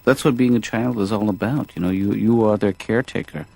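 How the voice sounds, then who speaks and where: A man voicing a mild, soft-spoken therapist and father in a cartoon, hesitant and dry. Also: lowish voice, fairly even intonation, a little fast, creaky, no room sound. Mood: calm. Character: mild-mannered male therapist and father, gently wry. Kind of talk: improvised cartoon dialogue. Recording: noisy hissy track.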